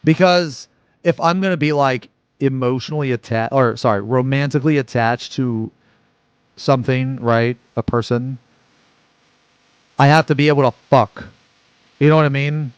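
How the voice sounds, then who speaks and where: A man's voice: mid-range voice, moderate pace, pauses often, smooth, no room sound, muffled recording. Profane rambling man in his forties. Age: 40s. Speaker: streamer. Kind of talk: casual live-stream reaction chat.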